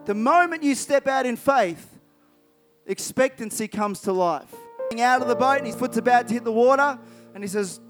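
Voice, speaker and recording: A man's voice: sits high, lively intonation, a little fast, over music. A man preaching a sermon, retelling Bible stories vividly and repeating key phrases for emphasis.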